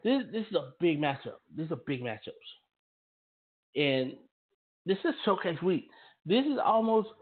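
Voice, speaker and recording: Over tinny phone-line audio, a man hosts a football talk radio show, speaking emphatically and often repeating or restarting phrases. His voice is a little high and sing-song, at normal speed with long pauses.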